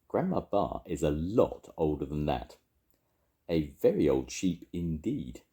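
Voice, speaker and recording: An older man reading a children's story aloud, gently chatting with young listeners between lines. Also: low voice, vocal fry. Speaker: storytelling grandad.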